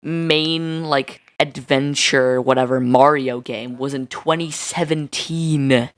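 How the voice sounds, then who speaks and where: A woman co-hosting a podcast in casual chat, teasing and animated. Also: a bass voice, slow pace. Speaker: podcast co-host.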